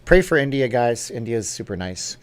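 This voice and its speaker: A man's voice: medium pitch, lively intonation, moderate pace, clean tone. A man hosting a casual livestream vlog, chatting in an upbeat way and jumping between topics as he reads viewer comments. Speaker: YouTube vlog host.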